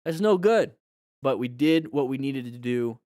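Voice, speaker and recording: A man's voice: mid-range voice, animated, unhurried, darkish tone, dry recording, clean studio sound. A man hosting a casual livestream, commenting on riding videos as a motorcycle instructor, joking and teaching in a loose conversational way with lots of fillers.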